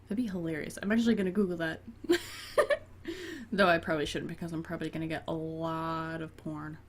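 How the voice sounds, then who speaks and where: A woman's voice: low voice, normal speed, breathy edge. A woman gamer reading a dating game aloud and breaking off into chatty, giggly asides, including talking to her cat. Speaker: let's play gamer.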